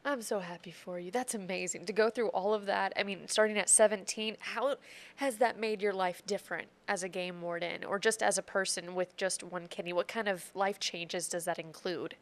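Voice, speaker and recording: A woman hosts a local TV interview, her voice at an everyday mid pitch. She asks eager, warm questions and reacts with lively interest. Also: normal speed.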